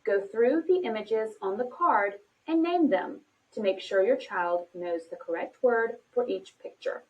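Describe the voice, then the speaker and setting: Woman narrator, bright animated delivery, encouraging and clear, recorded a bit off-mic. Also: on the high side. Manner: slow, clearly paced, encouraging teacher talk. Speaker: instructional video narrator. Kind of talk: scripted instructional narration. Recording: distant from the mic.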